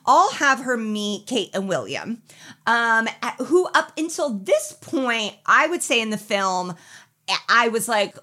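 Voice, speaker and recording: A woman co-hosting a podcast, chatty and animated as she recaps a film. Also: fairly high pitch, slow. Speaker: podcast co-host. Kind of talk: casual chat recapping a film.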